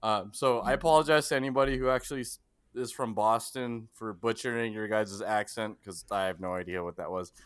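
A man's voice: fairly low pitch, a little fast, a bit bright, clean tone, no echo. A man hosting a casual podcast, laughing and stumbling over his words as he talks. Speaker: podcast host. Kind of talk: casual chat.

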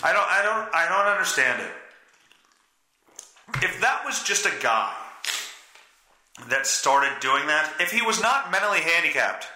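A man's voice: fairly high pitch, sharp tone, roomy sound. A man with a stuffy nose hosting a podcast in a casual, rambling monologue, profane and self-deprecating. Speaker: podcast host.

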